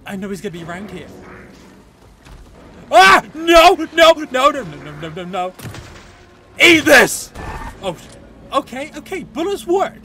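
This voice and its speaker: A man giving excitable, joking let's play commentary, often shouting and swearing at the game. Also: very high voice, a little slow, long pauses, faint music behind. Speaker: gaming channel host.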